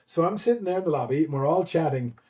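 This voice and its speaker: A man telling a story in a casual podcast chat, animated and laughing, with many fillers and restarts. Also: on the high side, fast talker. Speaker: guest, event admin.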